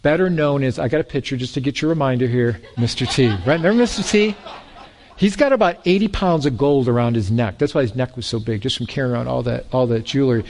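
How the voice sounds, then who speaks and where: A man preaching a sermon in a lively way, with joking asides and repeated words. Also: fairly high pitch. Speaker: pastor.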